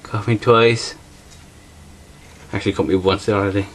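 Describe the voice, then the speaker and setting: A man's voice: fairly low pitch, steady tone, moderate pace. A man with a strong regional accent, chatting casually through an unboxing as a bushcraft vlogger and repeating himself often.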